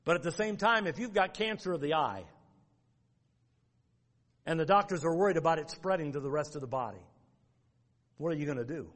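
A man delivers a sermon in a plain, folksy manner, moving through lettered points and quoting old scripture. His voice sits a little high for a man. The sound carries a long reverb from the church hall. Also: expressive, brisk, pauses often, a bit bright. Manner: folksy, outline-driven preaching with quoted scripture. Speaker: pastor.

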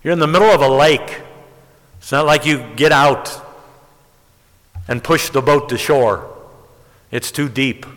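A man preaching a sermon, telling stories and rising to emphatic high peaks. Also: a little slow, long pauses, a bit bright. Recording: long hall reverb.

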